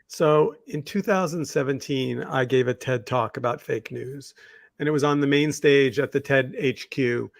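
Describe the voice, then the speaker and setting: A man's voice: medium pitch, moderate pace, creaky, no echo. A man co-hosting a podcast, telling reflective, rambling stories with many fillers. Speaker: podcast co-host. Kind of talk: casual discussion.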